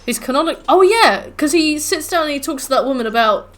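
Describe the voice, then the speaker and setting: A woman streamer chatting casually in a live stream, telling stories in an animated, rambling, profane way. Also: sits high, fairly quick.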